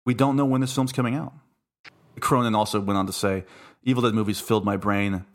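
A man's voice: fairly low pitch, fairly even intonation, brisk. A man hosting a podcast in casual chat, chatty and jokey, often breaking off mid-thought. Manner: chatty, jokey, self-interrupting. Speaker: podcast host.

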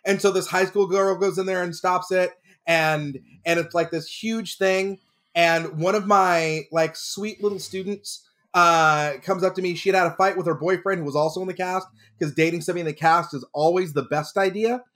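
A man from Texas, a drama teacher, telling stories in casual comedic chat, animated and laughing as he goes. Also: high-pitched, moderate pace. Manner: animated, laughs through his own stories. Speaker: drama teacher and podcast regular.

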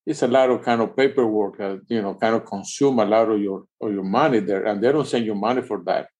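A man physician joining the interview, talking haltingly with many fillers. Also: on the low side, darkish tone. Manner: halting, full of fillers and "kind of". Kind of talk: conversational interview answers.

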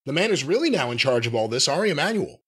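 A man's voice: mid-range voice, big pitch swings, fast, a bit bright, husky. A man hosting a podcast in a casual way, wry and jokey as he steers the talk. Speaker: podcast host.

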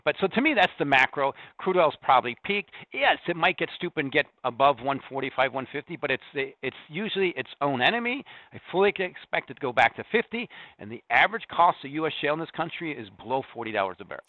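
A middle-aged man from the Corn Belt, a commodity strategist giving a market interview, talking fast with numbers and frequent restarts. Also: fairly high pitch, sing-song, no room sound. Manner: fast, data-heavy, restarts mid-sentence. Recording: tinny phone-like line, dry.

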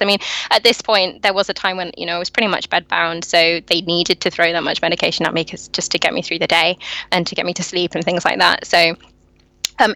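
Bright-toned posh English woman, dry sound. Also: on the low side, no room sound, rough recording. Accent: posh southern English. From central southern England. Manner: laughs easily, many ums and you-knows. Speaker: podcast guest. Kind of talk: casual chat.

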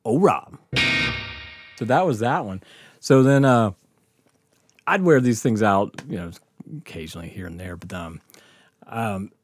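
A man's voice: lowish voice, moderate pace, pauses often, soft background music. A man, telling a rowdy story on his podcast, laughing often and swearing freely. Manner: animated, laughing often, profane. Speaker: podcast host telling stories. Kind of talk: casual storytelling.

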